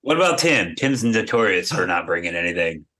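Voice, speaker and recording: A man's voice: sits low, big pitch swings, brisk, pushed and bright. A man co-hosting a podcast, teasing and blunt in casual banter. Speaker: co-host.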